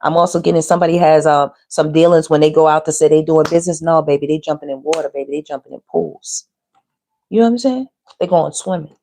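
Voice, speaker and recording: A woman's voice: sits low, fast, mellow. A woman giving a casual, teasing tarot reading straight to her viewers. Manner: chatty, teasing, talks straight to viewers with slang. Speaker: tarot reader.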